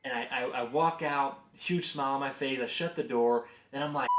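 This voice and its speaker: In a very noisy recording with a roomy echo, a man in his thirties, a business executive, reflects on his career through earnest personal stories and advice. He talks conversationally at normal speed in a mid-range voice, hardly pausing, and livens up during anecdotes.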